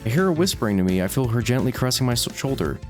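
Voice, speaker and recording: A man's voice: mid-range voice, big pitch swings, very fast, soft background music. A man reading a visual novel's first-person narration aloud as a let's play host, with small stumbles.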